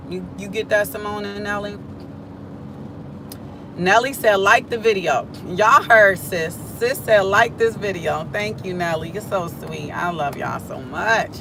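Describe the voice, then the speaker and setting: A woman chats live with her viewers from inside a car, talking in a casual, slangy, excitable way. Her voice sits at a middle pitch and comes through a phone on a stand. Plain car and road noise rumbles behind her. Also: a little slow, gravelly. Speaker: prophetic content creator. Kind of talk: live prophetic vlog chat.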